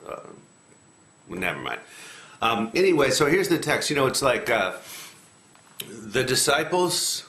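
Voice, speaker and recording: A man casually talking through a Bible passage, rambling a little and acting out the quotes with lively rises in pitch. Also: a little slow, long pauses. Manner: animated, acts out quotes with rising pitch, rambling. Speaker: lectionary commentator. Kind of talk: casual scripture discussion. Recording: echoey room, faint noise.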